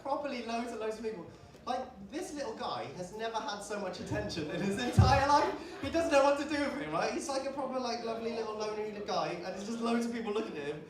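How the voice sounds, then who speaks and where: A young man from doing a rambling, animated stand-up routine at a comedy pub. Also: high-pitched, noisy background. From Bristol, England. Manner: animated, rambling storytelling full of "like" and laughter. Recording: echoey pub room, distant mic, loud crowd. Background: audience laughter.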